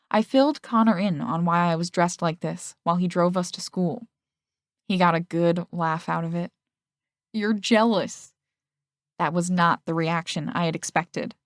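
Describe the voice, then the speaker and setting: Woman narrating an audiobook, low and dry. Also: level tone, normal speed, no room sound. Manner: reads male and female characters' lines with shifts in pitch. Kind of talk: first-person audiobook narration.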